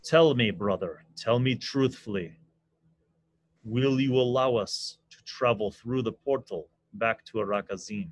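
A man voicing a solemn duke who speaks in a measured, formal way. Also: medium pitch, lightly acted.

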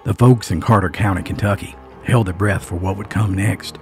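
Low-voiced man telling a dark folk tale. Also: moderate pace. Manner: suspenseful, folksy storytelling with emphatic asides. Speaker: storyteller. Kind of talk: dramatic scripted narration. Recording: faint music underneath.

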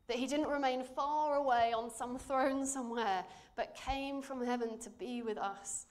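A woman with a slightly high voice preaches in church, reading scripture in a measured, earnest manner. Her voice drops softly when she wants to emphasize something.

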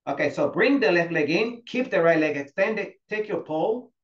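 A male fitness instructor leading a class, giving steady cues and encouraging students by name. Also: high voice, normal speed. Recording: echoey, dull lo-fi room sound.

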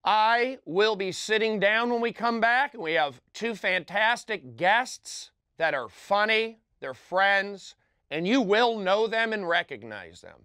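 A man hosting his own comedy show, talking in earnest, clipped bursts that drop off without warning. His voice sits high and sounds bright and clean. The recording is close and dry. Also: expressive, smooth, no echo. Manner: halting, earnest, clipped phrases with sudden drops in volume. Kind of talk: self-serious comedic monologue.

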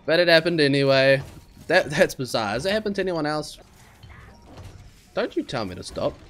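Excitable man voicing a lively gameplay commentary. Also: a little high, normal speed, slight background noise. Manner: excitable, exclaims and squeals when surprised; talks to himself and the viewers, frustrated and puzzled. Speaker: gaming channel host. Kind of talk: let's play commentary.

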